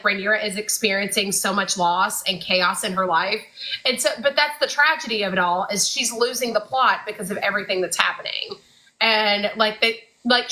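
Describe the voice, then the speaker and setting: A woman's voice: mid-range voice, bright, forceful tone, a little hiss or hum, poor audio. A woman co-hosting a casual fan podcast, talking in a chatty way with lots of fillers. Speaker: podcast co-host.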